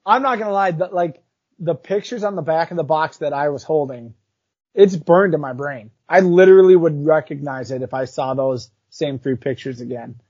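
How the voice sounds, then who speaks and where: A man telling a childhood story in casual chat, animated and chatty, full of fillers. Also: on the high side, moderate pace, slightly rough, no echo. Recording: dull lo-fi recording.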